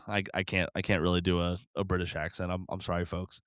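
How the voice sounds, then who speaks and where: A man's voice: deep voice, little pitch movement, fast talker, a bit bright, clear, resonant tone, no echo, clean studio sound. A man hosting a podcast, talking in a laid-back, hesitant way with lots of fillers. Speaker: podcast host. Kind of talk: casual chat.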